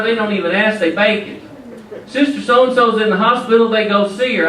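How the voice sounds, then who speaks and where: In a large indoor hall, a Southern US man with a very high-pitched, fairly bright voice tells stories at a moderate pace. He is the featured speaker, folksy and joking, speaking directly to the audience. The sound is echoey and distant.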